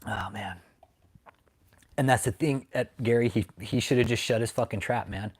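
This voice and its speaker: A man's voice: medium pitch, normal speed, husky. A man hosting a livestream, ranting at his critics and reading chat in a profane, mocking, confrontational way. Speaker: livestream host. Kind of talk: casual livestream rant.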